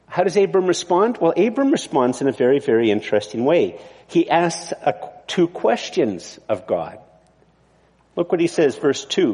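A man's voice: medium pitch, lively intonation, moderate pace, darkish tone, husky, in a large hall. A male pastor giving a sermon in a conversational, digressive way, often restarting his sentences. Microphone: mic on the body.

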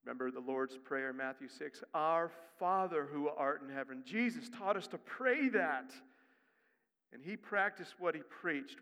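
Man preaching with rising, dramatic swings. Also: a little high. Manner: swings from quiet, quick asides to loud, rising emphasis. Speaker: pastor. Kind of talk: sermon. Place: church sanctuary. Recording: long reverb of a church hall.

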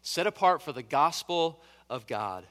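A man's voice: on the high side, animated, a little slow, fairly bright tone. Guy preaching a sermon, earnest, keeps repeating phrases for emphasis, big echoey church sound. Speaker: pastor.

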